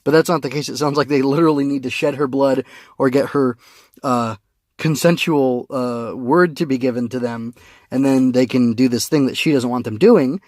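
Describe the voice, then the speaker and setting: A man's voice: mid-range voice, moderate pace, a little mellow, dry recording, studio quality. A man giving a casual spoken review of a comic, rambling with many fillers and restarts, recorded on a phone.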